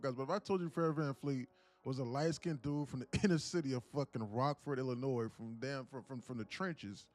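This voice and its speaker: A man's voice: medium pitch, darkish tone. A young man hosting a day-trading livestream, who chats casually, swears freely, rambles and often laughs. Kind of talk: casual live-stream chat.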